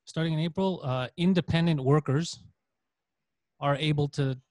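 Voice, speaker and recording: A man's voice: a little high, normal speed, darkish tone, no room sound. A man in a casual podcast chat, talking in scattered bursts with casual swearing. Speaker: comedian podcast host.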